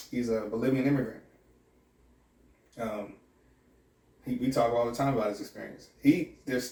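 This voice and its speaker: A man's voice: medium pitch, darkish tone, roomy sound, distant mic. A man who works as a sheriff's deputy and academy instructor, talking candidly and reflectively in a podcast interview with many restarts.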